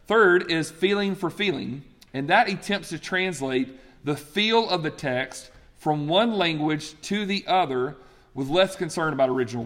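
A man preaching a teaching sermon, emphatic and animated, often stopping to restart a phrase or add "right?" His voice sits a little high for a man and rings with the long reverb of a big hall. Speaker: pastor.

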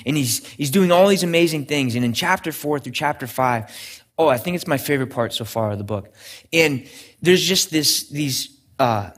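A man's voice: medium pitch, a bit bright, slightly rough. A young adult man, a pastor, preaching a sermon in an earnest storytelling way with frequent restarts.

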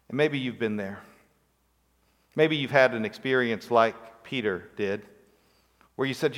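A man's voice: medium pitch, a little slow, pauses often, fairly bright tone, long reverb tail. A man preaching a sermon, telling a story with acted-out quotes and rhetorical questions. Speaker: pastor.

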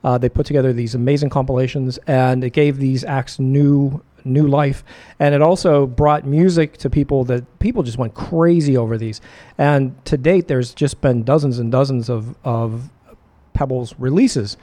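A man talks through the songs he has just played on his radio show, rambling, backtracking and filling gaps with pauses. His voice sits at an ordinary pitch with a dark, mellow tone, and he keeps hiccuping as he speaks. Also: steady tone. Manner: rambling, self-correcting with many filler pauses. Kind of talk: casual radio show back-announcing.

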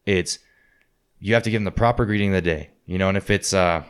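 A man's voice: sits low, fast talker, clear, resonant tone. A man telling blunt, profane stories about boot camp in casual podcast chat. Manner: profane, blunt, animated storytelling. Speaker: podcast host, former Marine.

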